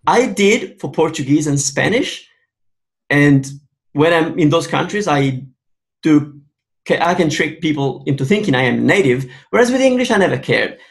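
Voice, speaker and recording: Italian man hosting an interview, higher voice, hesitant, restarts sentences. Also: animated, normal speed, vocal fry. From Italy. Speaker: host. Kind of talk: casual interview.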